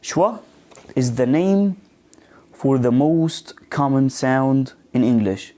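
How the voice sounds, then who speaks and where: Leading a live online pronunciation lesson, this man has a medium-pitched, expressive, mellow voice. He talks slowly and haltingly, full of fillers, demonstrating words and putting questions to his students.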